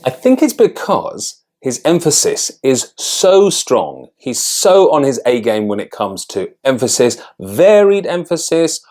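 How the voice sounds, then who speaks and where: A man teaching public speaking in a video lesson, talking clearly and deliberately stressing key words. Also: mid-range voice, very animated, a little mellow.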